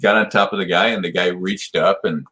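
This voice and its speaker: A low, steady voice that sounds pushed and bright, moving a little fast, belongs to a man in his sixties on a podcast interview. He's a martial arts black belt whose long story wanders, with many restarts and constant "you know" fillers.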